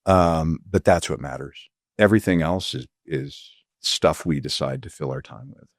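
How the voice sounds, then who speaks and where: A middle-aged man with a very low voice talks earnestly, pausing often and hunting for the right words as he reflects. He sounds close to the mic in a dry, dead room with no echo. His tone can turn quietly emotional. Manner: halting, searching for words, many fillers. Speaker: physician guest. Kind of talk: reflective interview conversation.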